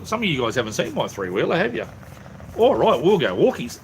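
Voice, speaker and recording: A middle-aged Australian man rambles through a casual phone live stream with an ordinary mid-range voice. He is easygoing and quick to mock himself, and a faint hiss of noise sits under his talk. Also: medium pitch, wildly swooping pitch. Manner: rambling, self-mocking, easygoing.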